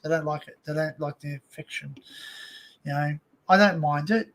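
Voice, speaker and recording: A man's voice: on the high side, moderate pace, a bit bright. An Australian man hosting a live stream chat from a home setup, talking into a desk microphone in a loose, rambling way full of "you know" and "like". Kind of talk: casual chat.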